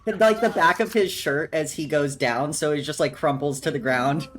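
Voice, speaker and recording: A woman narrating as game master of a tabletop game, relaxed and chuckling, with frequent ums. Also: low-pitched, moderate pace, a crowd in the background.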